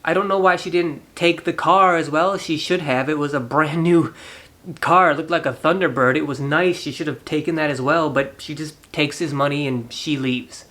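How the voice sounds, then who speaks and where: A man's voice: on the high side, fairly even intonation, normal speed, a bit bright. A man hosting a casual movie review, retelling the plot animatedly, laughing often and acting out the characters. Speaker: movie reviewer, channel host.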